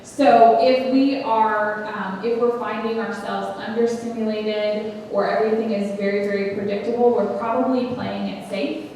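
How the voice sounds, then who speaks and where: A woman's voice: medium pitch, fairly even intonation, moderate pace, hardly any pauses, darkish tone, a little hiss or hum. A woman giving an earnest, conversational teaching talk, reading scripture aloud and speaking to a group about emotions. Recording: echoey hall from far off.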